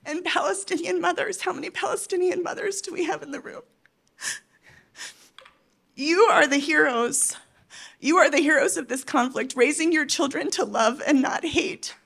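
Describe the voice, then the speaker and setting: A woman giving an impassioned, tearful conference address, pleading and emphatic with her audience, swinging between loud outbursts and soft, hushed moments. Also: high-pitched, normal speed, creaky. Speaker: conference speaker.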